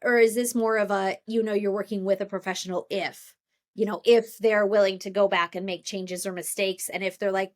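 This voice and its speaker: A woman's voice: medium pitch, fairly even intonation, moderate pace. Chatty woman co-host thinking aloud. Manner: rambling, thinks aloud with many fillers and restarts. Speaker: podcast co-host. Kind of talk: casual podcast chat.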